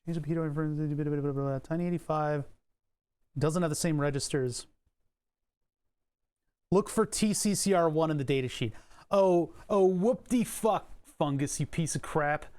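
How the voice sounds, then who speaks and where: A man's voice: on the high side, moderate pace, long pauses, darkish tone, clean tone. A man livestreaming electronics work, thinking aloud as he reads code and datasheets, swearing and chuckling now and then. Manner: muttering to himself, swearing, chuckling. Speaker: streamer. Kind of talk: livestream electronics and coding commentary.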